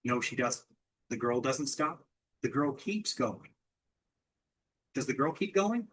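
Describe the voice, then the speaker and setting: A man's voice: medium pitch, expressive, slow pace, fairly bright tone, breathy edge, rough recording. A man teaching English through a question-and-answer drill, asking simple questions and repeating the answers back.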